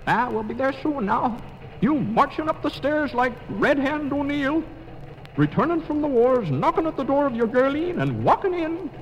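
A man's voice: very high voice, very animated, moderate pace, muffled recording, slight background noise, heavily acted. An actor playing a scrawny, meddling male leprechaun with a wheedling Irish brogue, in 1940s radio acting. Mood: sly. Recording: old radio broadcast with long reverb.

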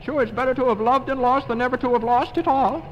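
A man's voice: extremely high pitch, fairly even intonation, fast talker, lo-fi sound, slight background noise. An actor playing a scrawny, meddling male leprechaun with a wheedling Irish brogue, in 1940s radio acting. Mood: sly. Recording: old radio broadcast with long reverb.

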